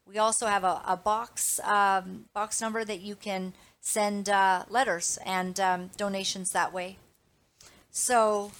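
A woman's voice: mid-range voice, little pitch movement, slow, fairly bright tone, faint music behind. A woman hosting her own Christian commentary show, talking straight to her viewers in an emphatic, indignant, preachy way. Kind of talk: impassioned live commentary.

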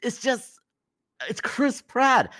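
A man's voice: extremely high pitch, expressive, takes it slowly, pushed and bright, dry recording. A young man co-hosting a podcast, rambling with lots of fillers and emphatic complaints. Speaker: podcast co-host. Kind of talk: casual podcast chat.

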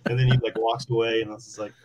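A man's voice: mid-range voice, rapid-fire. A former Marine recounting his experiences in a casual podcast conversation, laughing and leaning on fillers as he goes. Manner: animated, laughing, many fillers. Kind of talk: casual storytelling.

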